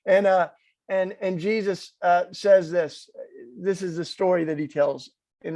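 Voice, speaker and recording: A man with a strong Southern US accent, giving an earnest talk as guest speaker at an evening event and retelling scripture slowly and deliberately. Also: sits high, steady tone, darkish tone, no echo. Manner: earnest, slowed on purpose, reading scripture aloud. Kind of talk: sermon-style talk. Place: event hall.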